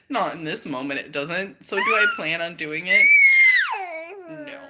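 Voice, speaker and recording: A woman's voice: fairly low pitch, normal speed, very noisy. A woman in her thirties talking candidly about her own experiences, telling stories and acting out what she and others said. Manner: candid, animated storytelling with laughs and acted-out quotes. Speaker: host. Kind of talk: reflective personal monologue.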